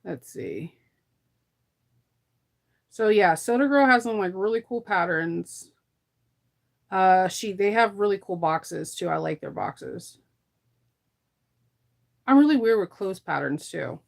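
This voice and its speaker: A woman's voice: mid-range voice, expressive, slow pace, creaky, pauses often. A middle-aged woman chatting casually while she sews, laughing often and trailing off mid-sentence, tired as she recovers from an illness. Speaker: sewing vlogger. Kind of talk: casual chat while sewing.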